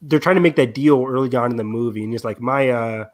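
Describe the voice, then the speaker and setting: A young man co-hosting a podcast, talking in a relaxed, rambling way. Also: medium pitch, fast talker. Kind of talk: casual chat.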